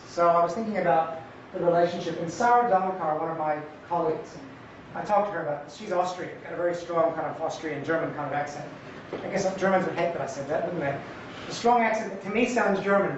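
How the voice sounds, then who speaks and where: A man giving an academic conference talk in a conversational, lively way with jokey asides. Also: sits high, noisy background. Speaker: conference presenter. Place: lecture hall. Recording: echoey hall, distant mic, dull sound.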